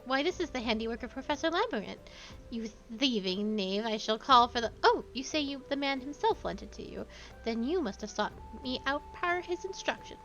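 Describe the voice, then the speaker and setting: A self-important young male scholar speaks in grand, formal phrases, as a woman reads his lines aloud. The voice sits fairly high. The audio is slightly dull and lo-fi, with faint music underneath. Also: fairly bright tone. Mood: haughty. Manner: grandiose, formal reading of game dialogue.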